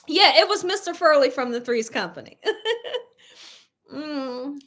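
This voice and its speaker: High, lively-voiced woman livestream host. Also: unhurried. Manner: chatty storyteller, laughs often, addresses viewers as y'all. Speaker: cooking channel host. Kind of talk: casual livestream chat, reading viewer comments.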